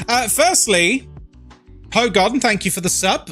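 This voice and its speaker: Lively, chatty streamer man. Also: high-pitched, moderate pace, faint music behind. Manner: chatty, playful, affectionate teasing. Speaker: live-stream host. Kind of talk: casual stream chat greeting viewers.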